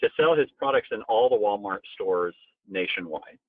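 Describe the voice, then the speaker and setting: A man being interviewed as a company co-founder, telling a personal story animatedly and jumping up in pitch for emphasis. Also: lively intonation, normal speed, no echo. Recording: tinny phone-like sound, very dry.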